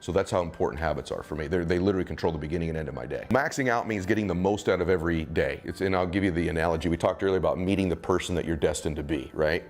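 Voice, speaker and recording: Deep-voiced man, punchy motivational talk. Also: rapid-fire, hardly any pauses. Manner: emphatic, punchy repetitive phrasing. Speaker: guest on a motivational interview.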